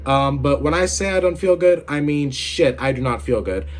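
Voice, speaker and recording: A young man talks through a casual video game commentary in a somewhat high voice. He rambles and swears freely, with plenty of filler words. He sounds a little run down, nursing a headache. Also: animated, moderate pace. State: unwell with a headache. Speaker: gaming video host.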